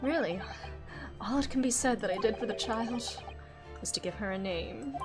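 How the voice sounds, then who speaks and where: A woman reading aloud as a grieving older male professor, solemn and measured. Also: a little high, over music, pitched below the performer's own voice, natural voice. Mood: sorrowful. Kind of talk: reading game dialogue aloud.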